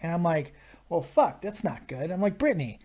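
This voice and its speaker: Guy on a live stream telling a raunchy story, swearing nonstop, super animated. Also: a little high, moderate pace, breathy edge. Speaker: host of a live viewer Q&A stream.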